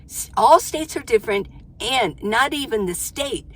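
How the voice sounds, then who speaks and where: An older woman, a van life vlogger, chats casually to the camera from inside her minivan. Her voice is fairly high, bright, animated and unhurried. She's talkative and exclamatory, often breaking off mid-thought to start over.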